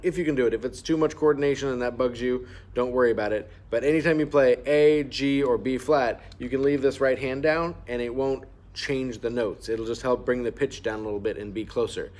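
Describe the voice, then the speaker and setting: A man at an ordinary middle pitch gives a patient clarinet lesson. He explains each fingering and marking step by step, now and then singing rhythms aloud to show them. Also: brisk, few pauses, a little mellow. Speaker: band teacher. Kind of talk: instrument lesson walkthrough.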